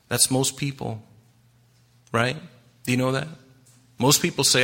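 Speaking at an unhurried pace with frequent pauses, this pastor has a medium-pitched, bright, forceful voice and lively intonation. His sermon feels like a conversation, full of rhetorical questions to the congregation and acted-out voices from his stories.

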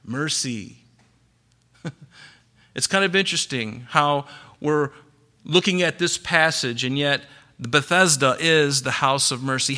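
A man's voice: on the high side, normal speed, pushed and bright. A male pastor preaching a Sunday sermon, asking the congregation questions and acting out the Bible stories he reads. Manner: preaching, rhetorical questions, voice rising and falling.

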